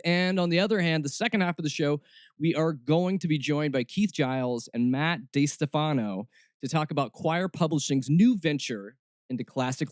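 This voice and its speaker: A man's voice: on the high side, a little mellow, dry recording, studio quality. A man hosting a snarky comedic podcast, talking sarcastically and slipping into mock voices. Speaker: podcast host.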